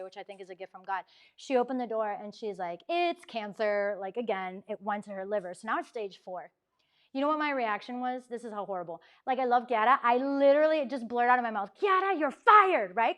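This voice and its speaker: A woman giving a lively storytelling talk to a campus ministry group, acting out quoted dialogue and often saying "like.". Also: a little high. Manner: animated, acts out quoted dialogue, frequent "like" fillers. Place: university talk room.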